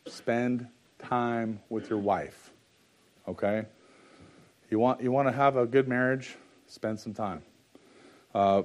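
A man preaching a sermon, reading scripture in old-fashioned wording, then talking plainly and with humour, dropping to low confiding talk and rising to loud exhortation. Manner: plain-spoken and joking, laughs at his own asides. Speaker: pastor.

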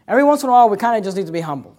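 High-voiced preaching pastor. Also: male voice, animated, rapid-fire. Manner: emphatic preaching with repeated phrases; swings between loud and hushed. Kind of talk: sermon.

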